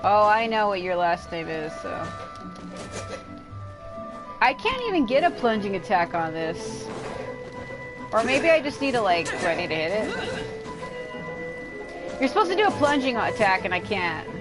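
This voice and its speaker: A woman's voice: medium pitch, very animated, normal speed, long pauses, music in the background. A woman streaming a video game, rambling and exasperated as she comments, swearing often. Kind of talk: casual live gameplay commentary.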